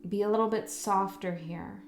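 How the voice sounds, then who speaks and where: Over faint music in an echoey room, a woman reads tarot in a relaxed, chatty, straightforward way, pausing to ask "okay?" now and then. Her mid-range voice keeps a fairly even intonation at a normal speed.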